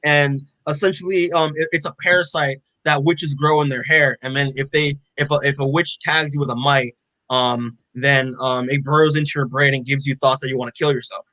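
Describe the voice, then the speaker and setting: A man co-hosting a podcast rambles through a comic recap in casual chat, cursing and using lots of fillers. He speaks fairly quickly in a mid-range, pushed and bright voice with fairly even intonation. The recording is rough, with no echo.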